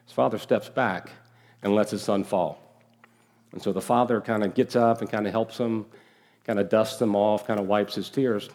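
A man preaching a sermon as pastor, earnest and emphatic, with slow deliberate pauses and repeated phrases. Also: lowish voice, steady tone, a little mellow. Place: church sanctuary.

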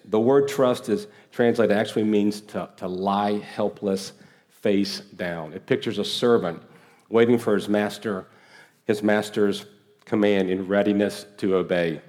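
A man preaching a sermon as pastor, earnest and emphatic, with slow deliberate pauses and repeated phrases. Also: lowish voice, darkish tone. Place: church sanctuary.

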